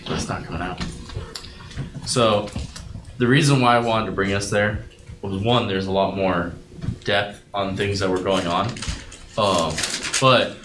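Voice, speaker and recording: A man reading scripture aloud at a Bible study, then reflecting on it in an earnest, thoughtful way. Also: fairly low pitch. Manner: earnest and reflective, with some halting restarts. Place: room at a group Bible study. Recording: echoey room with loud background noise.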